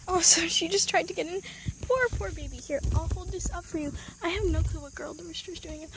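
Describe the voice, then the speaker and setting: Young woman, high voice, casual vlog, outdoors at a coop, handheld camera, faint clucking behind. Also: fairly quick, slight background noise. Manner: chatty, coaxing the hens with baby talk. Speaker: vlogger.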